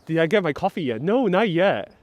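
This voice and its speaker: A man's voice: a little high, very animated, brisk, no echo. A man from New York City hosting a casual live-stream walking tour outdoors on city streets, chatting playfully and answering viewers' comments on a clip-on mic. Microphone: wireless clip-on mic.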